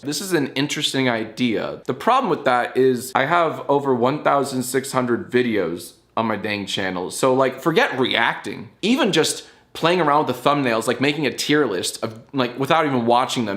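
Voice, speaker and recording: A man's voice: mid-range voice, lively intonation, moderate pace, hardly any pauses, fairly bright tone. A man in his thirties hosting a comedy web show, talking in a brash, jokey and rambling way. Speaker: YouTube show host. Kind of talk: casual comedic vlog talk.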